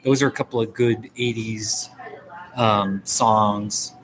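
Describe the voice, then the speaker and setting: A man's voice: fairly low pitch, steady tone, takes it slowly, fairly bright tone, poor audio. A man with a New Jersey accent chatting casually on a live stream, joking and answering viewers. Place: coffee shop.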